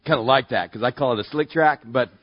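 This sermon comes from a Southern California pastor who tells self-mocking stories and plays every role in the conversations he recounts, jumping quickly in pitch. The audio has no room sound and its high frequencies are cut off.

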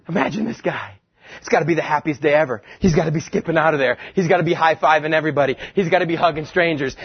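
A man preaching a sermon, telling a story with animated energy and acting out the quoted lines. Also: fairly high pitch, slightly rough, highs cut off. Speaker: pastor.

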